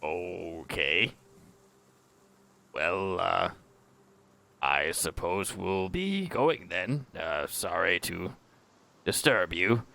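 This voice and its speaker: A man at a tabletop game with a low, gravelly voice. He speaks slowly and hesitantly, politely feeling his way through each sentence with a bright edge. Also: animated. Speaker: player. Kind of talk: casual tabletop play.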